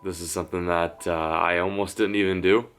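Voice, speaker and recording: A young man narrating his ice fishing trip in a casual vlog, chatty and easily excited, outdoors on a frozen lake. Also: low-pitched, fairly quick, soft background music. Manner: excitable, shouting and laughing during the catch. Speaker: fishing vlogger.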